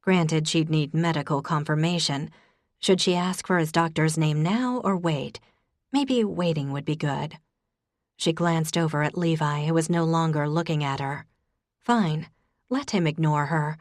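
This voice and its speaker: Woman reading an audiobook, low voice, wry and chatty, dry close sound. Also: unhurried, no echo. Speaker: audiobook narrator. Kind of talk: scripted narration.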